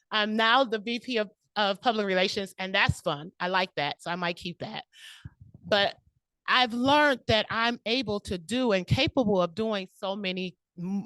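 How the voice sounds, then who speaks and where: A woman's voice: mid-range voice, pushed and bright, no room sound. A woman giving a prepared, personal speech at a club meeting, laughing often and close to tears. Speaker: club speaker. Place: meeting room.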